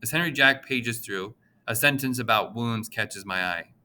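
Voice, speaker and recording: A man reading a children's novel aloud as the audiobook narrator, in an even storytelling manner. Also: mid-range voice, moderate pace.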